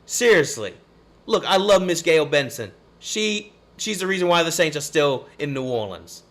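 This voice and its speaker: A man's voice: on the high side, very animated, moderate pace, a bit bright. Frustrated man ranting about football. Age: 30s. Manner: frustrated, rambling, cursing and sighing. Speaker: podcast host. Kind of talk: live-stream sports rant.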